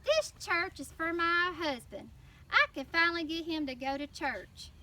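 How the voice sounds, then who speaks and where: A woman with a Southern US accent telling a children's story in church, animated and prompting the kids to answer. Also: very high-pitched, normal speed. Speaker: children's mission teacher. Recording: distant mic with faint noise.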